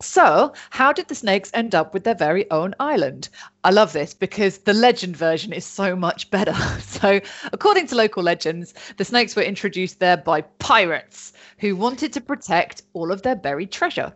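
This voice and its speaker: A woman's voice: medium pitch, animated, normal speed. A woman, casually telling a story on a chatty podcast and joking and swearing as she goes. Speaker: podcast host. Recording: dull lo-fi sound.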